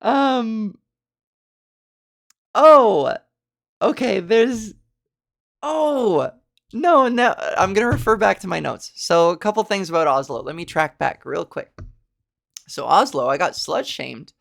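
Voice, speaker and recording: A woman hosting a podcast, a comedian chatting casually through a story with big, animated swings in pitch. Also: takes it slowly, gravelly, long pauses.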